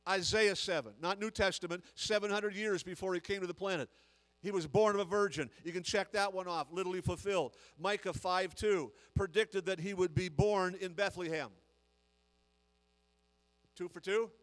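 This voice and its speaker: Guest preacher, man, high-pitched, emphatic, repeats his points. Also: moderate pace, a bit bright, long reverb tail, rough recording. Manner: emphatic, repetitive preaching with rising volume. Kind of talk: sermon.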